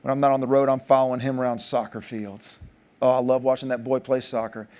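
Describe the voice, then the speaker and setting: A man, giving a keynote speech as a joking storyteller, his voice jumping up for punchlines. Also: fast. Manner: animated, jokey storyteller, pitch jumping up for punchlines. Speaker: keynote speaker. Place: large conference hall.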